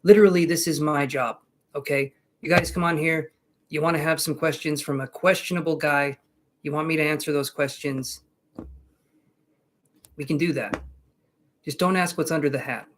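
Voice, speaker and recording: A man's voice: a little high, fairly even intonation, normal speed, pauses often, noisy background. A man giving tarot readings on a live stream, chatting casually with viewers in a jokey, reassuring way. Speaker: tarot reader.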